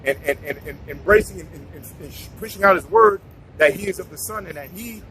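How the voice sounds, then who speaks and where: A man's voice: high-pitched, brisk, pushed and bright, rough recording. A man giving a casual scripture talk, preachy, repeating himself and restarting his sentences. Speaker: bible teacher.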